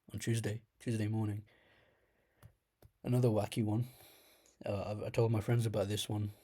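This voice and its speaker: A young man with a slight lisp hosts a storytelling segment, rambling casually through a comic tale about his dreams and laughing at himself now and then. His voice is fairly low, gravelly and mellow, with a breathy edge.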